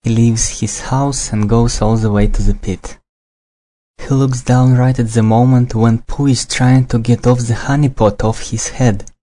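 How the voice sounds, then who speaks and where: Mellow-voiced man reading a storybook. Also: mid-range voice, a little slow. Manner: steady, simple read-aloud delivery.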